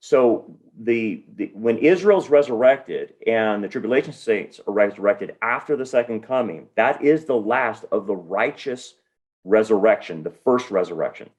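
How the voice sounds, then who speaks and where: A middle-aged man, a pastor, answering a listener's Bible question with calm, steady explanation. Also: fairly low pitch, moderate pace. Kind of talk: Bible teaching in a podcast Q&A.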